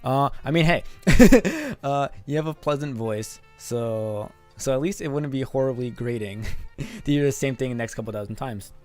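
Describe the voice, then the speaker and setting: A man's voice: medium pitch, normal speed, faint music behind. A man streaming live, chatting casually with his chat and translating manga. He laughs often, swears, and calls people "dog" and "man.".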